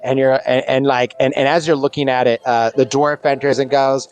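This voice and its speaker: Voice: medium pitch, little pitch movement, brisk, darkish tone, soft background music. Rambling game master describing a scene. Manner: rambling, many fillers and restarts. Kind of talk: narrating a tabletop game.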